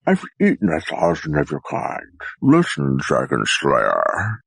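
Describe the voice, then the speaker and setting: A man voicing a menacing, huge male dragon who taunts a dragon slayer, deep and slow. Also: wildly swooping pitch, gravelly, a bit bright, slightly rough, no echo, clean studio sound, exaggerated voice.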